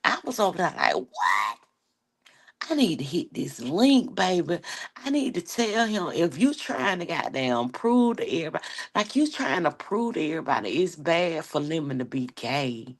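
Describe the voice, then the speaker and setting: Woman, livestream host, casual gossip, profane, teasing, low voice, lively swooping pitch. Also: normal speed. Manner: animated, profane, teasing, calls viewers baby and honey.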